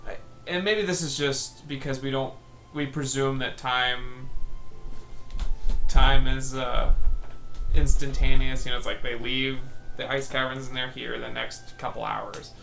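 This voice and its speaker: Chatty, gravelly man streaming a game. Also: mid-range voice, steady tone, bright, forceful tone, soft background music. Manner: chatty, rambling, quick to crack jokes. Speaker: let's play streamer. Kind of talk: casual game stream chat.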